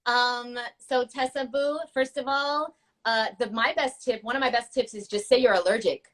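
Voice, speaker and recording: A woman's voice: on the high side, steady tone, moderate pace, fairly bright tone. Gushing, playful woman co-host. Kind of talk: casual chat.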